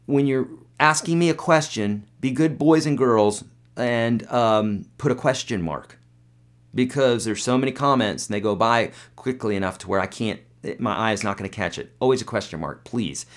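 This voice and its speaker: A man's voice: medium pitch, fairly bright tone. A man teaching guitar on a live webcast, reading out viewer questions and answering them in a loose, chatty way.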